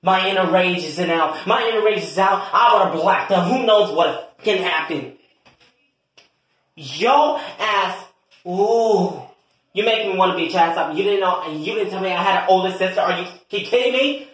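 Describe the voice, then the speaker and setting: Brief: a man playing a profane, brash young daughter, high-pitched, in an echoey room. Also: normal speed, a bit bright. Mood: furious. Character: loud furious young adult daughter. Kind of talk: comedy skit acting.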